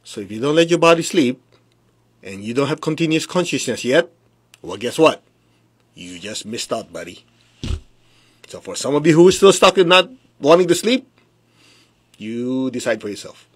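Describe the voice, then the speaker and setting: Husky-voiced man teaching spirituality. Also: a little high, normal speed, long pauses. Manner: conversational, with rhetorical questions and direct address; calm guided affirmations. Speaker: spiritual teacher leading a meditation. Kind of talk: motivational talk on a livestream. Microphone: phone livestream.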